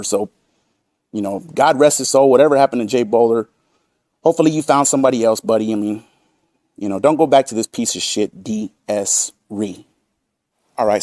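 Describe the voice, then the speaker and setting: A man's voice: medium pitch, a little mellow, no room sound, clean studio sound. A man hosting a commentary channel, combative and profane as he reads out and mocks chat messages. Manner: combative, swearing, reads chat quotes aloud.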